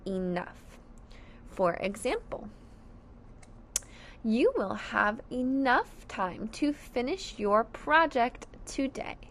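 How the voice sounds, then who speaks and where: A woman's voice: on the high side, expressive, slow pace, pauses often, a bit bright, slight background noise. A woman teaching a phonics lesson to young children, sounding out each word syllable by syllable with careful enunciation.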